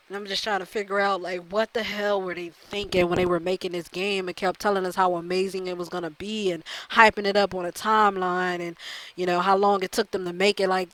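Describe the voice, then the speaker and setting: A woman's voice: fairly low pitch, flat delivery, fairly quick, a bit bright, no echo, low-quality recording. A woman hosting a gaming channel, delivering a profane, exasperated rant that circles back and repeats her points. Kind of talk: ranting video commentary.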